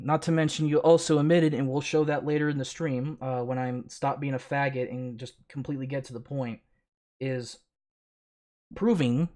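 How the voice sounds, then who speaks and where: A man's voice: a little high, darkish tone. A man hosting a live stream, reacting to clips with mocking, sarcastic commentary full of swearing. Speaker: streamer host.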